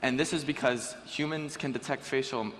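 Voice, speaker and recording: A teenage boy giving a lively, joking talk on stage to a school audience. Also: mid-range voice, moderate pace. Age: teens. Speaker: student speaker. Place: school auditorium. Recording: reverberant hall with faint ambience.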